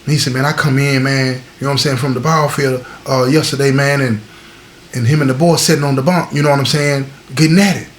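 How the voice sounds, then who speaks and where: A man telling a prison story in casual slang, switching his pitch up and down as he voices the other men. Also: steady tone, fast talker, slight background noise. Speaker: storyteller host.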